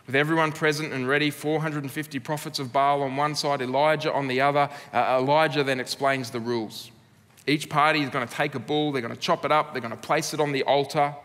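A man's voice: medium pitch, a bit bright. An Australian man preaching a sermon as pastor, earnest and laced with dry humour. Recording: long reverb of a church hall.

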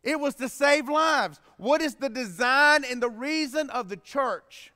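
A man preaching a sermon as pastor, swinging from quiet explaining to loud emphatic bursts. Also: extremely high pitch, measured pace. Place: church sanctuary. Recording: long reverb in a church hall.

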